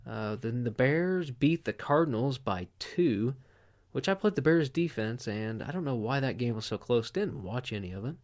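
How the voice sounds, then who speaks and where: A man's voice: medium pitch, expressive, normal speed, darkish tone. A man hosting a podcast, chatting casually and rambling through sports scores and a profane anecdote. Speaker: podcast host.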